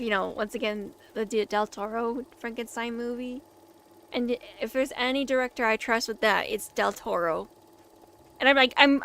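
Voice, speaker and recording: A young woman casually chatting while reacting to a silent film, rambling excitedly and filling her talk with "like". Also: fairly high pitch. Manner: rambling and excitable, heavy use of "like".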